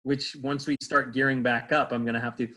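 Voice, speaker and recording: A man's voice: medium pitch, little pitch movement, a little fast, bright, forceful tone, poor audio. A man, a stage actor, answering interview questions in a casual, rambling way, full of fillers and restarts, over a video call.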